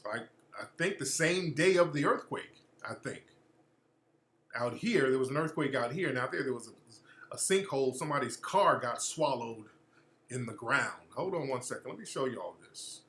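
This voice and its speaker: A man hosting a talk radio monologue with a bright, lively voice that swings up and down. He rants loosely, profanely and mockingly. The sound is roomy with a clear echo. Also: medium pitch, moderate pace, slight background noise. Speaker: radio show host.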